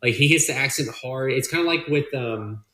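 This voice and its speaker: A man's voice: mid-range voice, moderate pace, bright, forceful tone, roomy sound. A man co-hosting a podcast in emphatic, slangy casual chat with frequent swearing. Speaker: podcast co-host.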